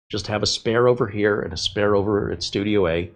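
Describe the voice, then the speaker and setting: A man's voice: fairly low pitch, fairly quick, few pauses. A middle-aged man, a tech host, chatting casually and rambling off on tangents while he works on a computer build. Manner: rambling, conversational, with fillers and tangents. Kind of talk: casual chat while working.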